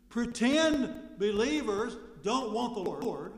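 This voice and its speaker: A man preaching a sermon in a conversational way, asking rhetorical questions and suddenly getting loud for emphasis. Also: sits high, animated, takes it slowly. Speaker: pastor. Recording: echoey hall with long reverb.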